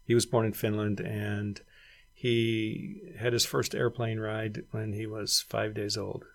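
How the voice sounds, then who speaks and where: A man's voice: fairly low pitch, little pitch movement, slow pace, vocal fry. A middle-aged man, a former missionary and regional director, reflectively recounting his years abroad in an oral history interview. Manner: reflective storyteller who acts out quoted voices.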